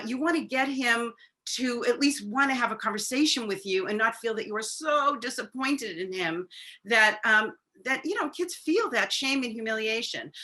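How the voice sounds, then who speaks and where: A woman speaks over a video call as a parenting expert, her voice bright and forward. She talks casually with plenty of fillers and slips into quick acted lines of parent and teen dialogue. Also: a little high. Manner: conversational, acts out parent-child dialogue; frequent fillers. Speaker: parenting expert on a webinar panel. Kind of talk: advice talk on a webinar.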